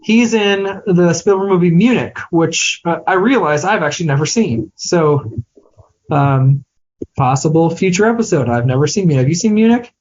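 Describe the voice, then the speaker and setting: Here a man with a high-leaning, slightly mellow voice speaks at normal speed with lively intonation over dull audio. He co-hosts a podcast, loosely discussing movies while second-guessing himself, putting himself down and starting sentences over.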